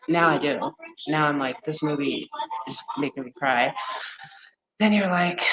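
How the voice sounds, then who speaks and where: A woman's voice: lively intonation, normal speed, rough recording. Blunt, candid woman livestreaming over crowd noise. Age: 40s to 50s. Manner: candid, blunt and swearing, talking straight to viewers; acts out quoted friends in high exaggerated voices. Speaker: livestream host. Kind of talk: casual livestream chat.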